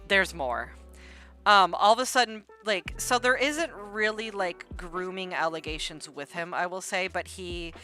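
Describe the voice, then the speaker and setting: This art livestream host gossips casually about online drama, rambling and filling her talk with "like" and "um." She speaks a little slowly in a fairly low, sharp-toned voice as soft music plays behind her.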